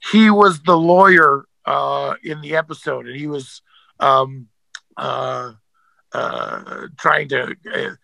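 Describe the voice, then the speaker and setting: A man's voice: mid-range voice, steady tone, slow pace, vocal fry, sharp tone, no room sound, rough recording. A man, an actor, telling stories as a guest in a casual interview, rambling with many fillers and restarts.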